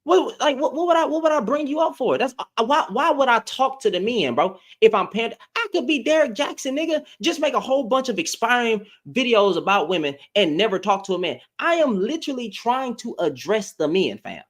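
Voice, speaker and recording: A man's voice: very high voice, big pitch swings, a little fast, hardly any pauses, fairly bright tone. A man ranting casually to camera as an online commentator, heated and emphatic and firing off rhetorical questions.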